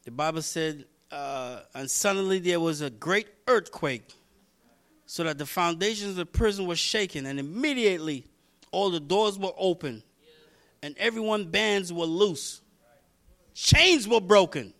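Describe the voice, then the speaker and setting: A man preaching a sermon, reading scripture and repeating lines as he builds toward shouting. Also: fairly high pitch, normal speed. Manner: reads scripture aloud, talks to congregation by name. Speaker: pastor.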